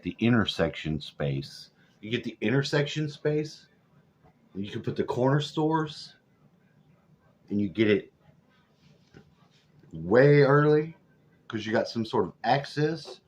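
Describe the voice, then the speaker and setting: A man's voice: deep voice, fairly quick, a little hiss or hum. A man over forty, ranting profanely and sarcastically in a rambling vlog. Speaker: vlogger. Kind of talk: profane political rant. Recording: dull lo-fi audio.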